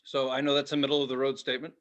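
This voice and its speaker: A middle-aged man co-hosting a casual podcast chat, telling a story with lively energy. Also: mid-range voice, racing. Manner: animated storyteller, acts out quotes loudly. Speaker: podcast co-host.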